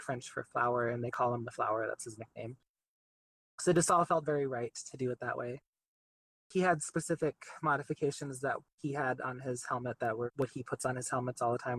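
A young man, an artist guest in an interview, talking in a chatty, relaxed way with plenty of fillers. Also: mid-range voice, slightly rough, rough recording. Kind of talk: casual interview.

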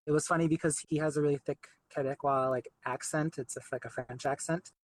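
A young man, an artist guest in an interview, talking in a chatty, relaxed way with plenty of fillers. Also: on the high side, fast, a little hiss or hum, poor audio. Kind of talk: casual interview.

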